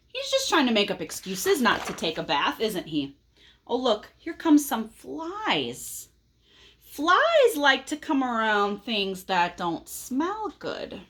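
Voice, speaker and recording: A woman reading a picture book aloud to children, pausing to ask them questions in a gentle, teacherly way. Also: fairly high pitch, sing-song.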